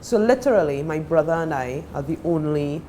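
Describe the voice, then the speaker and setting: A woman's voice: sits low, animated, brisk, mellow, slight background noise. A Trinidadian woman telling stories as a guest in casual chat in a TV studio. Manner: chatty, storytelling.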